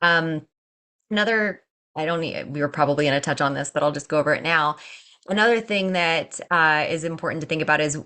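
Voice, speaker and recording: A woman's voice: deep voice, brisk, pushed and bright. A woman co-hosting a podcast, chatting emphatically and addressing listeners directly. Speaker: podcast co-host, doula company owner. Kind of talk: casual podcast chat.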